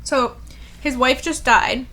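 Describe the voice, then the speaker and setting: A woman's voice: high voice, fairly even intonation, takes it slowly, a bit bright. A woman co-hosting a podcast in casual book chat, reacting emphatically and swearing freely. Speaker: podcast co-host.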